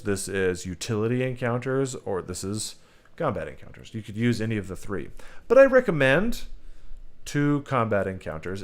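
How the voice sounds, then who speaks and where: A man hosting a livestream who gives tabletop game-master advice, emphatic and rambling, talking straight to his viewers. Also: mid-range voice. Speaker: host teaching game masters.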